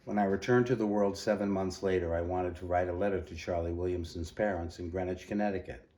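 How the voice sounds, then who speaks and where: A man with a very low voice reads a short story aloud. His delivery is steady and measured, the plain pace of a storyteller. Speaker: story reader.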